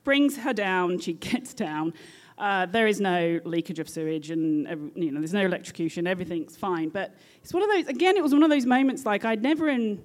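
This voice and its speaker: A woman with a British accent, a nurse telling a personal story in a lively, animated way with frequent laughter. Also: mid-range voice, a little fast.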